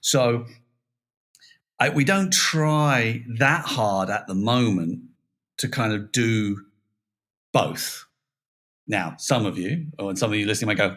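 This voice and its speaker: A man's voice: fairly low pitch, normal speed. Chatty British man, podcast guest. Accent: British English. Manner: chatty, self-deprecating, lively. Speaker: toy design director, podcast guest. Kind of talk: casual podcast interview.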